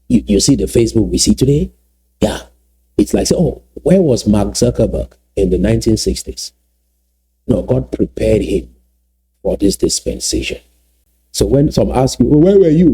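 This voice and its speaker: A man giving solo video commentary, emphatic and repeating key phrases slowly for effect. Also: on the low side, vocal fry, dark tone, slightly rough. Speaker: political commentator.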